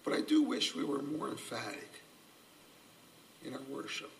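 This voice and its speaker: Earnest pastor preaching from afar. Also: male voice, mid-range voice, wildly swooping pitch, moderate pace, creaky, slight background noise. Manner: earnest, self-described subdued, gently humorous. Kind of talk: sermon. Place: church sanctuary. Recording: voice from a distance off the mic.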